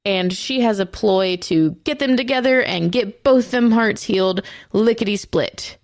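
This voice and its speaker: Woman, podcast co-host, casual recap, profane, self-mocking, mid pitch, dry close mic. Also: measured pace, dry recording.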